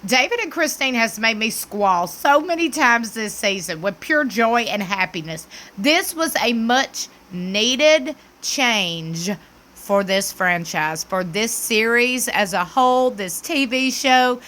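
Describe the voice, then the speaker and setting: Bright-voiced woman recapping TV. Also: fairly high pitch, slow. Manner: animated, emphatic, chatty. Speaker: TV recap YouTuber. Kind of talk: casual chat recap.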